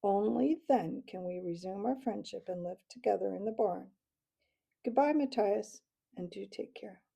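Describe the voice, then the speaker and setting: Lady doing a posh lazy tomcat squire, kinda snooty, dark husky voice. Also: medium pitch, moderate pace, low-quality recording. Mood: genteel. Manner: idle, genteel, mildly disdainful. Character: refined languid male cat squire.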